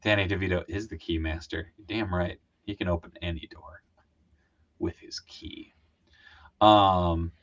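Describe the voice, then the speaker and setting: A man's voice: low-pitched, fairly even intonation, slow pace, pauses often, dull audio. A man hosting a live stream in casual chat, laid-back and joking, swearing now and then, over a video call. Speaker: host.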